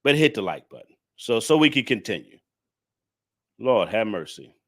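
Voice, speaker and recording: Bright-voiced man ranting on a livestream. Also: lowish voice, very animated, normal speed. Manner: preachy, scolding, repetitive. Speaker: livestream commentator.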